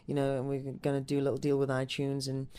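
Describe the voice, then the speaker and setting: Stage actor from Newcastle, English man with a mixed American-Northern English accent, speaks quickly with little pitch movement. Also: monotone, dark tone, smooth. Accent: mix of American and Northern English. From Newcastle, England. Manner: rambling, many restarts and fillers. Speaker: musical theatre actor and singer. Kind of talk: interview answers.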